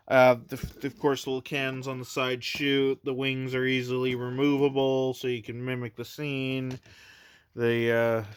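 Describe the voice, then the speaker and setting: Slow, smooth-voiced man reviewing toys. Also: medium pitch. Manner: rambling, hesitant, with many fillers and restarts. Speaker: toy collector reviewer. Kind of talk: casual unboxing review.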